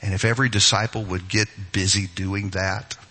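Bright, husky-voiced preaching man. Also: fairly even intonation, moderate pace. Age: middle-aged. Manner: emphatic, rising to forceful high-pitched stresses. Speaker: pastor. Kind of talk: sermon.

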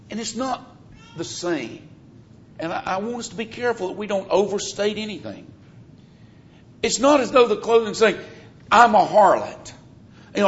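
Slow-talking Southern preacher man. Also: high voice. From American South. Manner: earnest, emphatic scripture teaching. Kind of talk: sermon. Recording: dull, lo-fi sermon recording.

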